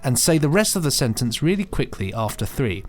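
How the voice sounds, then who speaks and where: A man co-hosting a podcast in relaxed, casual chat, who often chuckles and reads things aloud with relish. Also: medium pitch, brisk, faint music behind. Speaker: podcast co-host.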